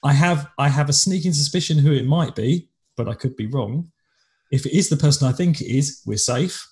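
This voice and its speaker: A man's voice: on the high side, moderate pace, darkish tone. An English man co-hosting a podcast in casual chat, rambling with lots of restarts. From England. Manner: chatty, rambling, with frequent restarts. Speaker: podcast co-host.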